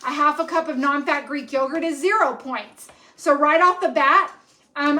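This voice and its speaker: A woman's voice: high voice, a bit bright. A woman hosting a home cooking live stream, chatting in a rambling way with lots of ums as she cooks in her kitchen. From Texas. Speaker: cooking show host.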